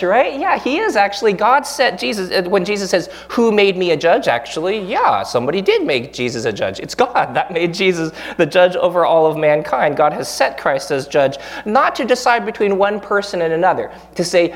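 A man in his thirties, a pastor giving a sermon in a relaxed, conversational way, joking at his own expense and acting out the prayers he quotes. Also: high voice, normal speed. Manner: conversational, self-deprecating, acts out quoted prayers.

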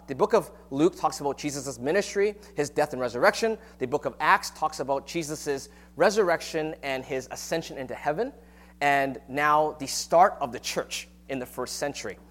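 A man preaching a sermon on a Bible passage in a relaxed, conversational teaching manner, with frequent rhetorical questions. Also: mid-range voice. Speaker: pastor.

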